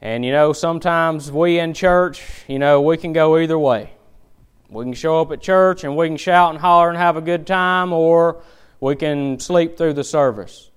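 With folksy anecdotes and an emphatic, animated style, a man drives home the points of his sermon. He speaks at a normal speed, and his voice is clear, resonant, and somewhat high.

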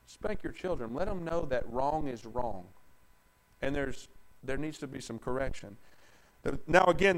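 In a rough recording, a high-voiced pastor delivers an emphatic sermon to his congregation. He builds to loud declarations, sinks into hushed asides, and lingers slowly over scripture.

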